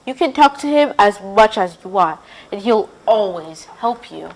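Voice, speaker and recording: A woman's voice: medium pitch, animated, normal speed, rough recording. A woman voicing a cheerful, encouraging girl companion in a storybook reading.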